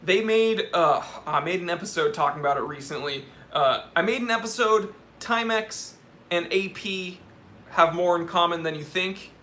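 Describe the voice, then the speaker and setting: A man's voice: sits high, normal speed, sharp tone. A young man hosting a live watch Q&A stream, reading viewer questions and giving candid, joking opinions.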